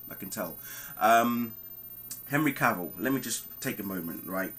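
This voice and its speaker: Animated man reviewing a film. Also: medium pitch, fairly quick, a little hiss or hum, poor audio. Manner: animated and emphatic, talks straight to viewers, frequent ums. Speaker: movie reviewer. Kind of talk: casual spoken film review.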